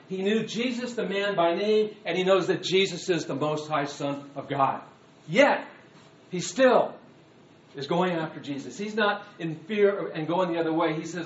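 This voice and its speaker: A man preaching a sermon, animated, moving between hushed asides and loud dramatic readings. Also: a little high, measured pace. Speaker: pastor. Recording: echoey room, distant mic, dull sound.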